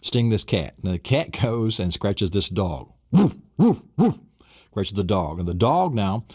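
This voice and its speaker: A man's voice: lowish voice, measured pace, slight background noise. A man teaching a memory course in a recorded seminar lesson. He tells vivid little stories with sound effects and keeps asking rhetorical questions. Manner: animated storyteller, adds sound effects and asks rhetorical questions. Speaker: memory-training instructor.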